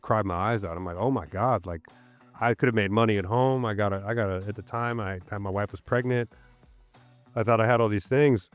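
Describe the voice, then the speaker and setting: A man in his thirties, a podcast guest, telling a candid personal story in casual interview talk with lots of "so, like". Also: fairly low pitch. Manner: candid, animated storyteller with fillers like "so, like". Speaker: podcast guest, gym owner.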